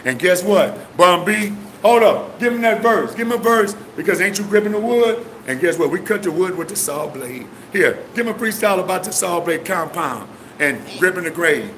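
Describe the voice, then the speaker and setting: Bright, boastful man showing off gear. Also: high voice, expressive, moderate pace, hardly any pauses, a little hiss or hum. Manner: boastful, directing others, repeats phrases. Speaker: custom airbrush painter showing his products. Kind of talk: casual on-camera demo. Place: outdoors near trees.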